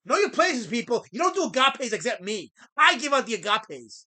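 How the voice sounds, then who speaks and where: Guy on a livestream chewing out his chat, super animated pitch, bright sharp voice, over-the-top fake outrage. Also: moderate pace. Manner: theatrical mock-indignant scolding; swings between loud outbursts and low mutters. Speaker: livestream host.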